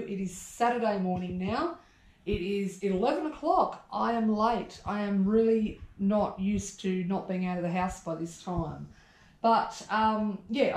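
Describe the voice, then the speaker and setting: A woman's voice: fairly high pitch, roomy sound. An Australian woman talking casually to an action camera as she shows around her home, blunt and chatty, with the odd swear. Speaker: vlogger.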